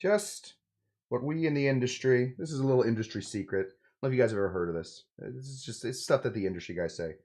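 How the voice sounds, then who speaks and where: A man's voice: mid-range voice, fast, darkish tone. A man hosting a casual cocktail-making demonstration, joking and rambling with lots of asides. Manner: joking, rambling, self-interrupting. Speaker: host of a cocktail channel.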